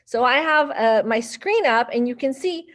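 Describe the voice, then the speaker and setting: Fairly high, a bit bright and animated at a moderate pace, her voice carries an upbeat sing-song quality. She's a librarian hosting a children's storytime online, talking to little ones and their caregivers through a computer mic.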